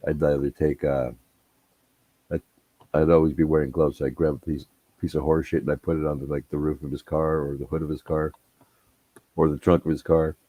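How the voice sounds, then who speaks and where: A man's voice: very deep voice, level tone, fairly quick, long pauses, dry recording, phone-quality sound. A man telling rambling, profane anecdotes in casual chat. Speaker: storyteller.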